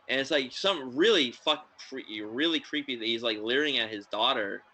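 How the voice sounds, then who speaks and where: On a low-quality recording, a podcast host with a lowish voice at normal speed talks films casually. He's excitable and rambling, leaning heavily on fillers.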